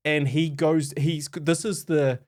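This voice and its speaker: A man with a fairly high voice co-hosts a podcast, chatting casually. He's animated, laughs easily, and often starts his sentences over.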